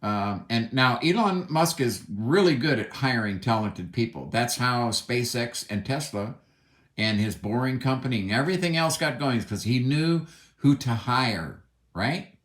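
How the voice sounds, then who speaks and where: A man's voice: medium pitch, expressive, a little slow. A man ranting in a solo commentary, angry and emphatic, swearing often. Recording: echoey room.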